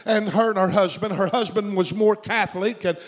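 A man's voice: sits high, fairly even intonation, a little fast, poor audio. A middle-aged man preaching a sermon, telling a story with fervent, repetitive phrasing. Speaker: pastor.

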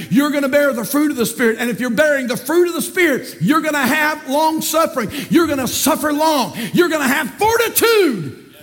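A man with a Southern US accent preaching a sermon from the pulpit, telling stories and calling the congregation not to quit. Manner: emphatic preaching that rises to shouts and drops low. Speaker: pastor. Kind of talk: sermon with storytelling. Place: church sanctuary, from the pulpit.

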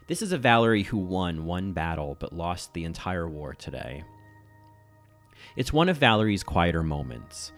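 Low, lively-voiced man, TV critic reading a scripted essay, analytical. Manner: analytical, admiring. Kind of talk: scripted video-essay narration.

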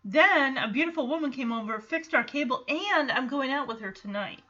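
A woman hosts a podcast with a bright, high-set voice and chatty, animated energy, often acting out what others say. The audio is slightly muffled. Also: moderate pace. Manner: chatty, animated, acts out quotes. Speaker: podcast host. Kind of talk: casual episode recap.

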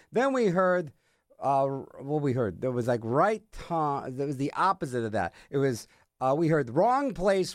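A man's voice: fairly high pitch, no echo, clean studio sound. Rambling, jokey radio DJ man. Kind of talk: casual rambling radio chat. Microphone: studio microphone.

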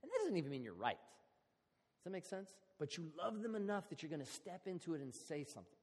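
A man preaching a sermon in a relaxed, conversational, storytelling way. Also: a little high, a little fast, breathy edge. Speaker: pastor. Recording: long hall reverb.

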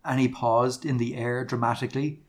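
A man's voice: mid-range voice, steady tone, moderate pace. A man co-hosting a casual podcast, reading fan fiction aloud in a mock-dramatic way, laughing and swearing often. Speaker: podcast co-host.

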